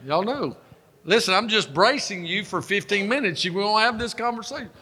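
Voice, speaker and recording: Fervent high-voiced preacher. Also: male voice, animated, a little fast, pushed and bright, breathy edge. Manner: folksy, self-mocking humor, rising to fervent preaching. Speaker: pastor. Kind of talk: sermon. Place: church sanctuary. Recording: long hall reverb.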